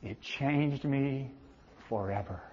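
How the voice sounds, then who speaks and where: Man preaching in a reverberant hall. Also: slow pace. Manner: swings between loud emphatic peaks and hushed low tones. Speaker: pastor. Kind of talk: sermon. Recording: dull reverberant hall sound.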